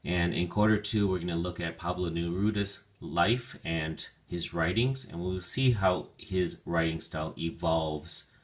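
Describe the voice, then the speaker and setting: Deep-voiced man teaching vocabulary slowly. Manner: slow, careful enunciation of words. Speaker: ESL teacher. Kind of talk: vocabulary lesson narration.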